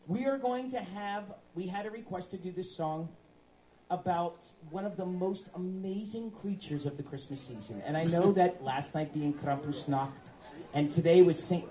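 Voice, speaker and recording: Fairly high-voiced joking man on stage. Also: moderate pace, dark tone. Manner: joking, hypes the crowd. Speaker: bandleader. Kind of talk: live stage banter. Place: club concert stage.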